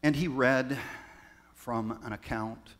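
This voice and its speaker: A man, a pastor raised in Southern California, telling personal stories in a reflective sermon with pauses. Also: mid-range voice, a bit bright. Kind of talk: storytelling sermon.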